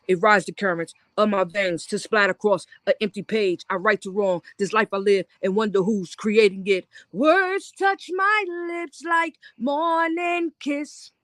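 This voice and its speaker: A poet performing spoken-word verse in a rhythmic, intense delivery, breaking into a high, drawn-out sung chorus, then chatting plainly about the piece. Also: no echo. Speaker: poet guest.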